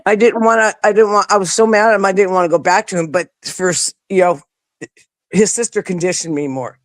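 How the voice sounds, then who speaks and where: A woman's voice: fairly low pitch, moderate pace, no echo, clean studio sound. A woman being interviewed, telling a long personal story in a rambling way, with frequent restarts and her voice rising when she acts out what people said. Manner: acts out quoted dialogue with a rising voice. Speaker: interview guest. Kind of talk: conversational storytelling.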